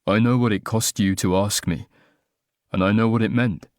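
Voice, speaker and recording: A man reading an audiobook, voicing a formal young man who is choked up and apologetic, speaking in a soft, halting way. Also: on the low side, steady tone, no room sound, clean studio sound, close to an everyday voice.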